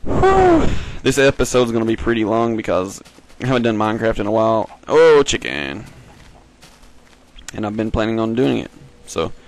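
A man giving rambling, jokey let's-play commentary as host of a gaming video, giggling and breaking into sudden high squeals. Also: flat delivery, quick pace, hardly any pauses, a little hiss or hum.

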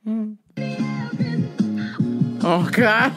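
A woman hosting a casual podcast, reacting to clips, laughing often and swearing freely. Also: fairly high pitch. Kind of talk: casual chat.

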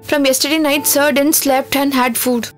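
A woman dubbing a feisty, shrill young woman. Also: fairly even intonation, normal speed, faint music behind, natural voice. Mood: snappy. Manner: snappy, teasing retorts. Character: feisty young woman, sharp-tongued orphan sister. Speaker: film dub actor. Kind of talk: dubbed film acting.

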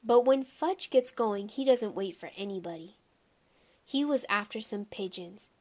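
A woman narrating a children's novel in the first person, with lively storytelling. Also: medium pitch, measured pace. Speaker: audiobook reader.

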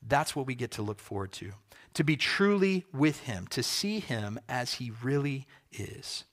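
A man preaching a sermon as pastor, earnest and emphatic, repeating key phrases and slowing down for effect. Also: medium pitch, very animated, fairly bright tone.

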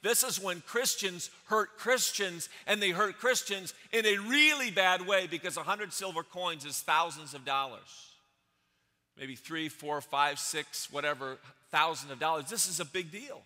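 A man preaches in a church with a sharp, bright voice that sits a little higher than most men's. He drives his points home with repeated phrases and lets his volume rise and drop. A long reverb hangs after each line in the large sanctuary. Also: measured pace. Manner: emphatic preaching with repeated phrases and swings in loudness. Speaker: pastor. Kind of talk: sermon.

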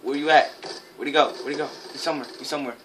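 Low-voiced woman calling her game. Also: racing. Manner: excitable, jokey, sudden high yelps. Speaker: gaming channel host. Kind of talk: live gameplay commentary. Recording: game noise behind.

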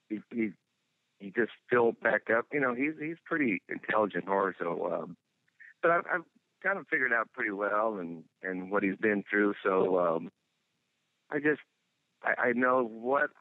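A man who trains racehorses, talking in an interview over the phone in a rambling, halting way, full of restarts. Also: fairly low pitch, no echo. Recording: tinny dry phone line.

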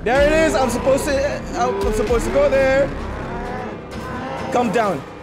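A young man narrating a horror game as he plays, jumpy and talking to viewers, going from hushed mutters to panicked shouts, his voice getting worn. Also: very high-pitched, fairly even intonation, fairly quick. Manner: talks to viewers while playing. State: losing his voice. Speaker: gaming YouTuber. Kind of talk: horror game let's play commentary. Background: game music.

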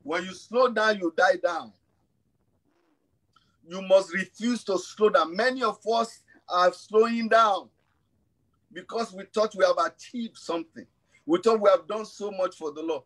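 A man's voice: sits high, unhurried, long pauses, fairly bright tone, rough recording. A pastor in his fifties preaching an emphatic sermon in church, repeating his refrains for force. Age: 50s.

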